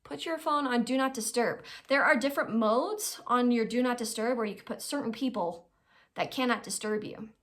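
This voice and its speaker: This is a woman with a higher-leaning voice at ordinary speed, hosting advice and walking through a casual lesson on life skills. She keeps asking "right?" and slips into lively mini-voices whenever she quotes someone.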